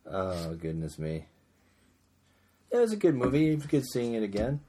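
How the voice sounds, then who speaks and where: A man's voice: medium pitch, wildly swooping pitch, normal speed, mellow, a little hiss or hum. A man hosting a casual chat in an easygoing, dry way. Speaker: podcast host.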